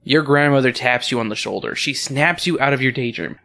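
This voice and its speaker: A man's voice: mid-range voice, fairly quick, gravelly, few pauses. A man hosting a podcast, reading a story aloud with crude comedic asides. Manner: animated, joking, crude asides. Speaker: podcast host and reader.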